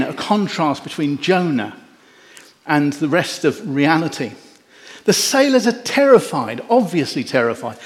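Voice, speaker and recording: A man preaching a sermon, telling the story in an animated way with wry jokes. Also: a little high. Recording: echoey hall.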